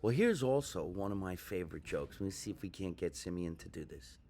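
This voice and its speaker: A man's voice: sits low, animated, a little fast, a little mellow. A male comedian hosting a podcast in a ship lounge, chatting enthusiastically and asking his guest questions. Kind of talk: casual podcast chat. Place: ship lounge before a show.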